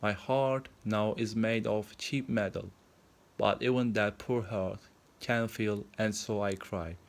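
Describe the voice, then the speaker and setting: A man's voice: on the low side, steady tone, slow, gravelly. A man voicing a sorrowful male statue prince in a plainly read storybook.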